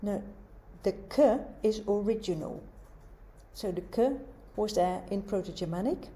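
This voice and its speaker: Female lecturer, mid-range voice, calm and methodical with questions to the class. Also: medium pitch. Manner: measured, explanatory, with rhetorical questions. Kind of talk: university lecture.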